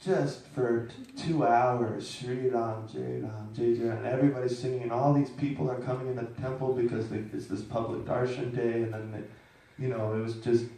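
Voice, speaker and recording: A man's voice: mid-range voice, flat delivery, normal speed, hardly any pauses, mellow, distant mic. Rambling man telling a story, echoey room. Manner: rambling, self-deprecating, with many restarts. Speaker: storyteller speaking to an audience. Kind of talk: personal storytelling to a live audience.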